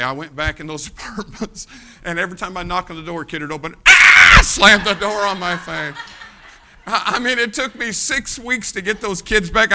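A preacher from the United States tells a lively story in a sermon. His voice sits a little high and has a very bright, sharp edge. He keeps turning to address the congregation directly.

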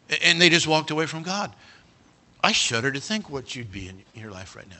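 Bright-voiced preacher. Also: male voice, a little high, fairly quick. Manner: animated, dramatic, talks directly to the congregation. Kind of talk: sermon. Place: church.

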